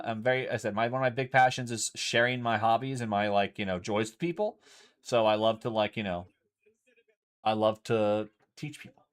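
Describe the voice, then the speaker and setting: A man's voice: mid-range voice, smooth. Casual, swearing male streamer. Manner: loose and chatty, swears freely. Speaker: streamer teaching a card game. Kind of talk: casual chat while playing.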